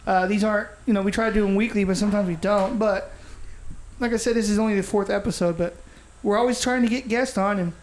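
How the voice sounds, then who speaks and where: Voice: mid-range voice, fairly even intonation, quick pace, darkish tone. Rambling, jokey podcast host. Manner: rambling, jokey, swears a lot. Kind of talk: casual chat.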